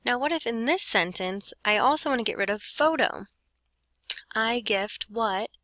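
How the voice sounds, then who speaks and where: A woman's voice: a little high, lively intonation, brisk, bright, forceful tone, dry recording, low-quality recording. A woman teaching a Spanish grammar lesson, explaining step by step and talking to herself as she writes. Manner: explains step by step, talks to herself while writing. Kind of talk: lesson walkthrough.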